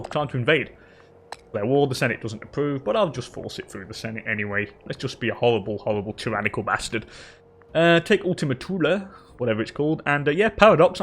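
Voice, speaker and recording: A man's voice: mid-range voice, a little hiss or hum. A young man hosting a gaming channel, rambling casually through his strategy game, swearing and chatting to the characters on screen. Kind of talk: casual let's-play commentary.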